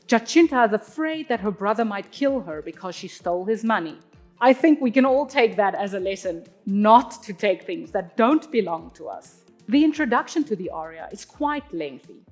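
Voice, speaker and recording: A woman, an opera singer, giving a clear, teacherly singing lesson and sounding out Italian words as she explains. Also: mid-range voice. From South Africa. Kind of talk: instructional talk on singing.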